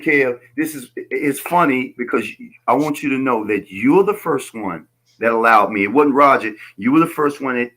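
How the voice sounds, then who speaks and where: A man's voice: on the low side, a bit bright. A man speaking as a guest on a casual political call-in show, emphatic and rambling, lecturing his listeners.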